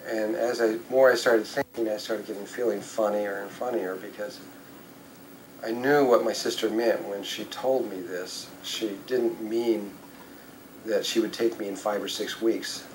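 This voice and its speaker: An older man spins a loose, anecdotal story for a listening crowd, his voice sitting a little low. He wanders through asides and fillers and catches himself mid-sentence. A faint hiss runs under the recording. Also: steady tone, unhurried, rough recording. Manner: rambling anecdotal, with fillers and self-corrections. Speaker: spiritual speaker. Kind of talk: storytelling talk to an audience.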